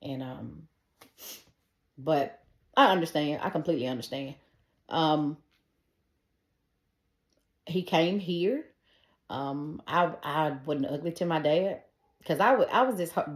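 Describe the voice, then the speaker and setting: A middle-aged woman telling a personal faith testimony, earnest and conversational, speaking straight to her listeners. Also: low voice. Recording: echoey room.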